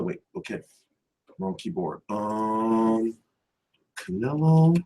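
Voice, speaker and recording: Brash, animated man ranting. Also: high voice. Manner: brash and animated, swears constantly. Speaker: boxing channel host. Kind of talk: profane rant to camera.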